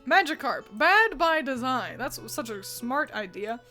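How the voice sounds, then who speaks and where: A woman's voice: sits high, sing-song, measured pace, bright, forceful tone, soft background music. A woman hosting a video, giving chatty, opinionated commentary with frequent filler words. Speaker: video host ranking designs.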